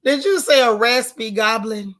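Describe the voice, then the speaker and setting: A woman's voice: on the high side, normal speed, fairly bright tone. A woman hosting a live stream, chatting casually and outspokenly as she reads viewer comments. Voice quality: raspy. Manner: chatty, folksy and outspoken, with Southern colloquial phrasing.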